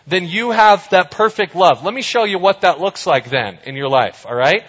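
A man preaching a sermon, emphatic, slowing down for scripture and turning loud and playful with his audience. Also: high voice, animated. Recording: echoey hall, dull sound.

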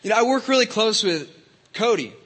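A man's voice: high-pitched, lively intonation, fairly quick, fairly bright tone, slightly rough, long reverb tail. A man preaching to young people in a casual, conversational way, with many fillers and restarts. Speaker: youth pastor. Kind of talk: youth sermon.

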